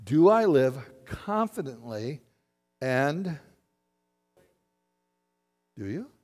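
A man's voice: a little high, big pitch swings, extremely slow, a little mellow, faint music behind. A man preaching a sermon as a pastor, putting questions to the congregation and answering them. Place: church sanctuary. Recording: long hall reverb.

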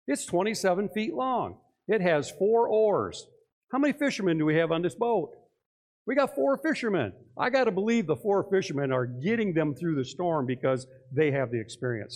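An older man preaching a sermon, animated, acting out voices and putting questions to his congregation. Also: high voice, a little fast. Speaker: pastor.

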